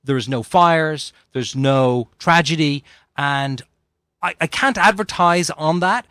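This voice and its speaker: Man guest, earnest sales pitch, slightly high voice, dry studio. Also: takes it slowly, a bit bright, clear, resonant tone, no room sound. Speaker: guest, product seller. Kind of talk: casual radio interview. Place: radio studio.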